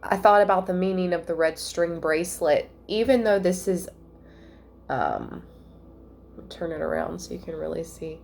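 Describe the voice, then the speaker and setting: A woman giving a casual spiritual reading at home, chatty and thinking out loud with soft asides. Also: on the low side, lively intonation, normal speed, creaky, faint music behind. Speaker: tarot reader.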